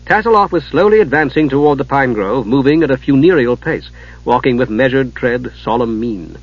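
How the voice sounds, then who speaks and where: A man narrating an audiobook fantasy story in a measured, dramatic reading. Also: medium pitch, animated, husky. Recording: dull lo-fi audio.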